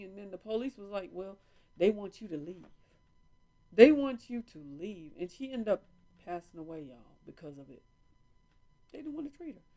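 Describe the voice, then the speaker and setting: Chatting from home on a live stream, this vlogger addresses her viewers as y'all using a small microphone on a phone or camera. She speaks in a mellow, lowish voice.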